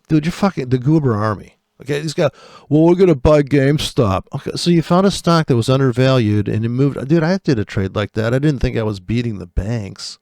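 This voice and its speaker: A man with a gravelly, fry-laden voice rants through his chart commentary. He swears freely and mocks others with biting sarcasm. His voice sounds dry and close, with no room around it. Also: mid-range voice, darkish tone, no echo. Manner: profane, sarcastic, mocking. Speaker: trader. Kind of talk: ranting commentary over live charts.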